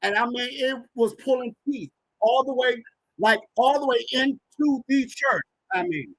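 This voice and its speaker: A man in his thirties, a podcast guest, telling a personal story in an animated, emphatic way. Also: extremely high pitch, unhurried, no room sound, poor audio. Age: 30s.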